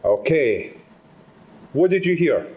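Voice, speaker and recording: A man's voice: fairly high pitch, sing-song, slow, darkish tone, dull audio. A Scottish man giving an engaging live talk at a conference, drawing the audience into participation. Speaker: conference speaker. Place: conference hall.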